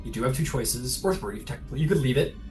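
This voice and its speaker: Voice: mid-range voice, lively intonation, fast talker, darkish tone, soft background music. A game master narrating a tabletop game in a loose style full of fillers.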